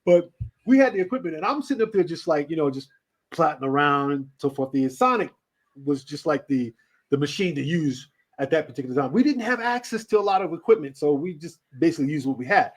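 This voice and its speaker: A man's voice: a little high, brisk. A man who hosts a radio show, telling casual stories in an interview with lots of laughs and swearing. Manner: animated, laughing, swearing storyteller. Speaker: radio host being interviewed.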